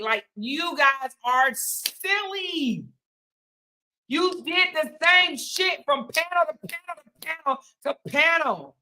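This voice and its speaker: Bright-voiced woman ranting sarcastically. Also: sits high, animated, slow pace. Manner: sarcastic, repetitive, mocking, emphatic. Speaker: commentary channel host. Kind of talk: ranting commentary monologue.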